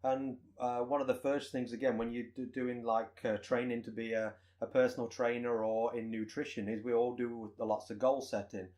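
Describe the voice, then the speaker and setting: A man, a personal trainer co-hosting a podcast, explaining goals with everyday examples in relaxed chat. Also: medium pitch, normal speed, few pauses.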